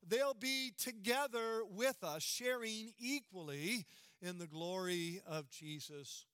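A man's voice: sits high, takes it slowly, a bit bright, clear, resonant tone, no echo. A middle-aged man preaching a sermon, emphatic and full of rhetorical questions to the congregation. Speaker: pastor.

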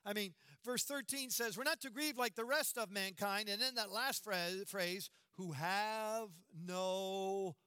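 A man preaching a sermon in an earnest, emphatic way, slowing down and dropping to a hush on key words. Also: high voice, smooth, no room sound, studio quality.

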